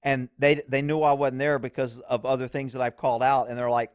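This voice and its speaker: A man's voice: mid-range voice, flat delivery, a little fast, clean tone, dry recording. Blunt profane man commenting, dry close sound. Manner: blunt, profane, laughs easily. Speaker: police video commentator. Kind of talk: casual video commentary.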